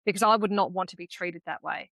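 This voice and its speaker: An Australian woman co-hosting a podcast, chatting casually and telling candid, animated stories with the odd swear word. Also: lowish voice, quick pace, no echo. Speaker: podcast co-host. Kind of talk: casual conversational chat.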